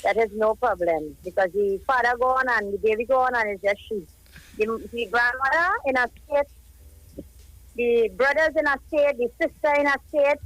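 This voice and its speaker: A woman's voice: fairly high pitch, steady tone, moderate pace, fairly bright tone, no echo, low-quality recording. A woman in her thirties with a Trinidadian accent, calling in to a live radio show and talking at length through her grief about a lost young relative. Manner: grieving, rambling, emotional storytelling. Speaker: caller, cousin of a child who died. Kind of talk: live radio phone call. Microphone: telephone.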